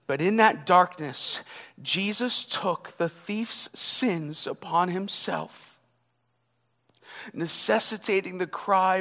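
A man preaching a sermon, dramatic, swinging between loud emphasis and hushed, near-whispered lines. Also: sits high, slow. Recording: long hall reverb.

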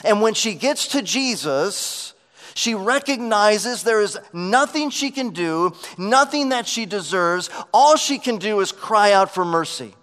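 High-voiced slow preacher in a reverberant hall. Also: male voice, lively intonation. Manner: preaching with emphatic swells and dropping to quiet lows. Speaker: pastor. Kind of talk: sermon.

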